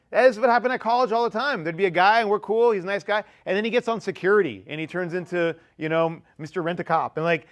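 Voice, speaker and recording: A male pastor preaching to teens in a church, his voice sitting a bit higher than most men's. He talks in a loose, joking way, punching some words loudly and dropping others to a near hush. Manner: conversational and joking, swings between loud emphasis and quiet asides. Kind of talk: youth sermon. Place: church sanctuary.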